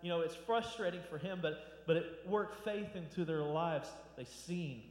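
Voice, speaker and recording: A man's voice: fairly high pitch, normal speed. A male pastor giving a loose, conversational sermon, often repeating words and restarting phrases. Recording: echoey hall with long reverb.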